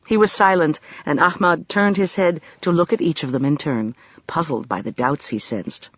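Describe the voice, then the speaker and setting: A narrator reading a novel aloud in a measured, expressive way. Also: mid-range voice, no room sound, dull audio. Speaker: audiobook narrator. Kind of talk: audiobook narration.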